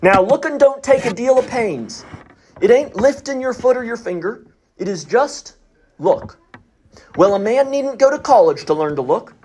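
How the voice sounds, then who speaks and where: A man plays a poor, untaught country preacher with a broad Essex accent, preaching in a high, swooping voice. He is fervent and plain-spoken. Steady noise runs under the recording. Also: moderate pace. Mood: earnest. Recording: noisy recording.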